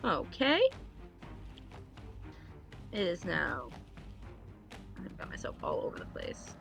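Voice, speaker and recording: A woman running a tabletop game as game master, halting with many fillers. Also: fairly low pitch, wildly swooping pitch, creaky, music in the background.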